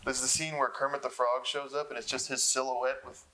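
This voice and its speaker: A young man telling stories in a casual interview, laughing often and getting excited. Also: medium pitch, brisk, rough recording. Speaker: interview guest. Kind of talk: casual storytelling.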